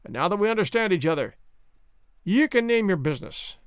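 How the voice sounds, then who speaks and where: A man's voice: high voice, animated, a little fast, clear, resonant tone, dry recording, studio quality. A man voicing a miserly, fearful old Scots uncle who talks in a quavering, suspicious way. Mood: threatening.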